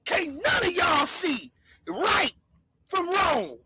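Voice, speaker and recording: A woman hosting a livestream, loudly hurling mocking insults in a shouting rant. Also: very high-pitched, big pitch swings, takes it slowly, noisy background. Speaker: livestream host.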